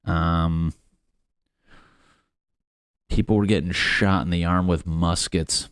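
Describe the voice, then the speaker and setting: A man's voice: low-pitched, steady tone, takes it slowly, long pauses, clear, resonant tone, dry recording, studio quality. A young man hosting a solo comedy podcast, crude, sarcastic and self-mocking as he rambles. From United States. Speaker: podcast host.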